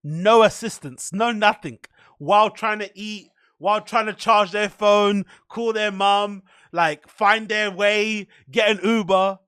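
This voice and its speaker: A man hosting a podcast, rambling in mocking, profane, animated commentary. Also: high voice, takes it slowly, clear, resonant tone, no room sound, studio quality. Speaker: podcast host.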